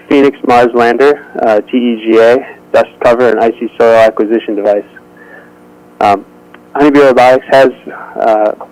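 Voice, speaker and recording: This is a man with a somewhat low voice giving a technical presentation over a remote link. He speaks in a measured way, with frequent "uh" pauses as he works through each item. The delivery stays steady and explanatory. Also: poor audio. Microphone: remote audio link.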